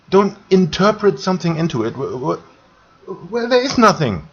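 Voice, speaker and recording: A man from Germany with a German accent, speaking English in a grumpy, halting vlog rant, repeating words and swearing. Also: high-pitched, big pitch swings, breathy edge. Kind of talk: ranting monologue vlog. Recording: dull lo-fi recording.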